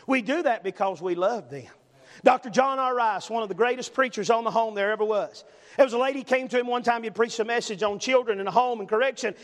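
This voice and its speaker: A man's voice: extremely high pitch, fast, a bit bright. An older man preaching a sermon as pastor, emphatic and repetitive, punctuating points with "amen?", recorded with long reverb in a church sanctuary. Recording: long reverb in a large hall.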